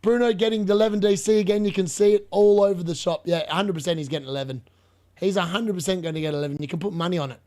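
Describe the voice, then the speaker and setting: A young man commentating live on a football match for his fantasy football stream, excitable, laughing often and talking to his chat. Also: high-pitched, very fast.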